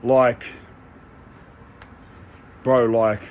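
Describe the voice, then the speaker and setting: A man's voice: mid-range voice, little pitch movement, extremely slow, a little mellow, a little hiss or hum. A young Australian man talking casually outdoors, brash and boastful with street slang. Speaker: social media personality. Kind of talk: casual walking vlog. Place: outdoors among apartment blocks.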